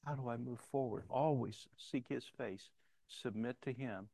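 An older male preacher delivers a sermon in an easygoing, conversational manner. He tells personal stories and cites scripture chapter and verse. His voice sits at a middle pitch and sounds dry and close, with little room sound. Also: measured pace, creaky, dark tone, dry recording. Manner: conversational storytelling preacher, quotes scripture references.

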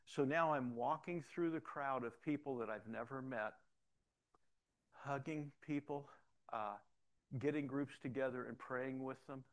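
Preacher cop guy telling stories, lively, acts out the voices, stumbles a bit on starts. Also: medium pitch, a little slow. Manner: animated storyteller, acts out quoted dialogue, repeats words when starting. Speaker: pastor and police officer. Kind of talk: storytelling testimony.

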